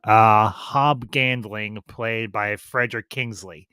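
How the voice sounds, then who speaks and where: Bright, dry-sounding male review host. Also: on the low side, fairly even intonation, slow pace, clean tone, no room sound. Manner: rambling, restarts and trails off while recalling details. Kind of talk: casual review chat.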